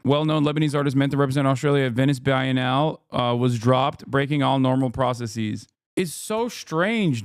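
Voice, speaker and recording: A man's voice: mid-range voice, clear, resonant tone, no room sound, studio quality. A man hosting a live stream, reacting to news with profane, exasperated commentary and reading articles aloud. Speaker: streamer host. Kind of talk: casual political commentary.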